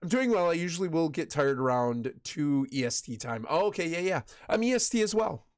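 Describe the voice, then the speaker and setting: A man with a Michigan accent and a slightly raised pitch talks casually with his stream chat while he games. He rambles from thought to thought and often backs up to restart a sentence. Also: big pitch swings, fairly quick, no echo. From West Michigan. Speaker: game streamer.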